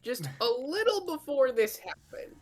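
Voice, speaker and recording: A woman running a tabletop game as game master, narrating with frequent fillers and pauses. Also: high-pitched, a crowd in the background. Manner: lively, halting, fillers.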